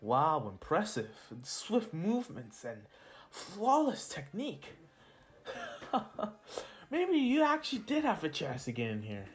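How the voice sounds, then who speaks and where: A man's voice: on the high side, huge pitch swings, takes it slowly, exaggerated voice. A man putting on a mocking young male villain who giggles and taunts in a sing-song voice. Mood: amused.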